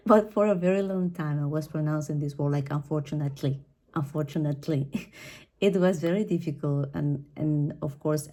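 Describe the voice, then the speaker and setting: Spanish-accented woman teaching english pronunciation, low mellow voice, chatty, lots of uh and right?. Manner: chatty, frequent fillers and tag questions like "right?" and "okay?". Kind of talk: podcast pronunciation lesson.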